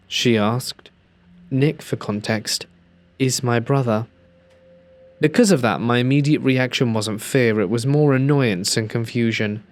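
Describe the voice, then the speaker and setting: A man reading a first-person horror story aloud in a measured, hushed storytelling voice. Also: medium pitch. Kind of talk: scripted narration.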